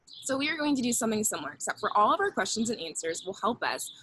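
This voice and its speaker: A woman's voice: medium pitch, big pitch swings, fast talker, sharp tone, a little hiss or hum, rough recording. A young woman teaching children a Bible lesson in an upbeat way, leading call-and-response with them.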